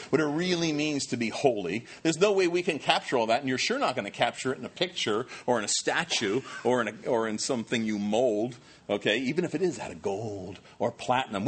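Husky-voiced man preaching conversationally. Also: medium pitch. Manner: conversational, animated storytelling with many fillers. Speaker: pastor. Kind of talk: sermon.

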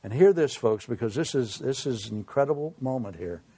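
Lively, folksy preacher man. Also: mid-range voice, fairly quick, husky. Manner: folksy, humorous, drops to a quiet tone for serious points. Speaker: pastor. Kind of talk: sermon.

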